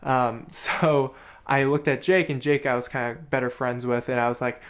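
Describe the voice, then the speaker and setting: A young man, a college student answering viewer questions in a casual, self-deprecating Q&A vlog, often jumping into high silly voices. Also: measured pace. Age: young adult. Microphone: camera with viewfinder, self-filmed.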